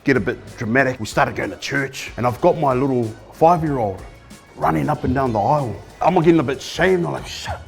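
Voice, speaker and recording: A man's voice: mid-range voice, brisk, creaky, soft background music. A middle-aged man with a New Zealand accent, a comedian telling his story in an interview in a loose, rambling way. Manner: relaxed, rambling, swears freely. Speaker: stand-up comedian, men's housing manager.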